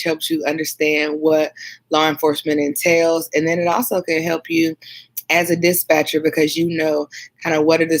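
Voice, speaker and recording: Sleepy low-voiced woman rambling. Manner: rambling, many fillers, reads viewer comments aloud. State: tired and sleepy. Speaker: 911 dispatcher and video host. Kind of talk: casual storytime livestream chat.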